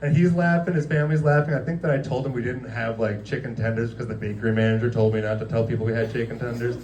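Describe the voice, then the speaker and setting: A man's voice: mid-range voice, steady tone, racing, recorded from a distance, a crowd in the background. A man in his thirties doing casual stand-up in a restaurant, rambling and laughing through his stories with lots of "like". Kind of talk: casual stand-up comedy storytelling. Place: dimly lit restaurant, live audience.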